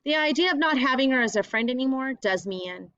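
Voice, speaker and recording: A woman narrates a first-person audiobook in a plain, earnest manner. Her voice sits a little high and sounds close and dry. The recording is somewhat dull and lo-fi. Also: animated, quick pace, fairly bright tone, clear, resonant tone, no room sound.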